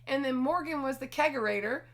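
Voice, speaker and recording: A young woman co-hosting a casual wrestling chat, teasing with quick interjections. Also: high-pitched, a bit bright. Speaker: guest co-host.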